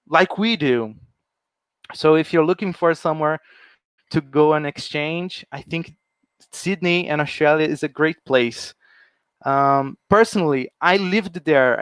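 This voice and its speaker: Man presenting, smooth and crisp. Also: on the high side, no room sound. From Brazil. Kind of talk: informal presentation.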